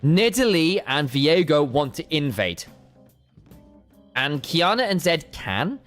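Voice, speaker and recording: A man, a co-caster on a live stream, chatting casually to his viewers in a rambling way and often stopping mid-sentence to repeat words. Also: a little high. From United Kingdom. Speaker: esports co-caster.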